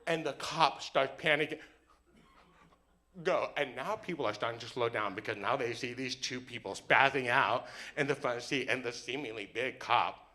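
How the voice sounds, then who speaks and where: A man's voice: mid-range voice, moderate pace. A young man telling a funny true story on stage, acting out the other people's lines. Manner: animated, comic, acts out dialogue. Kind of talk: live storytelling performance.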